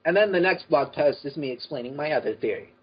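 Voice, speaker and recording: A man's voice: on the high side, lively intonation, fast talker, slightly rough. A man guesting on a casual podcast chat, playful and prone to tangents. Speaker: podcast guest, fan fiction author. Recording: dull lo-fi audio.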